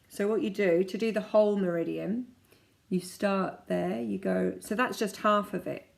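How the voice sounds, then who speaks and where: A woman in her forties, a kinesiology practitioner, chatting casually as she guides listeners through calming exercises step by step. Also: medium pitch, unhurried, vocal fry. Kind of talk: casual self-help teaching.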